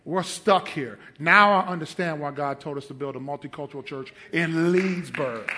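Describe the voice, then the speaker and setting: A man's voice: fairly high pitch, moderate pace, hardly any pauses, some chatter behind, a little hiss or hum. A man preaching a sermon as pastor, telling a personal story, acting out the people he quotes, and asking his congregation questions. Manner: storytelling preacher, acts out quoted voices, rises to loud emphatic stretches.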